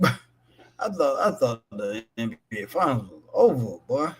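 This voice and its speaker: A man's voice: medium pitch, sing-song, unhurried, breathy edge. A man co-hosting a wrestling live stream in casual chat, exclaiming and ending lines with a drawled "boy".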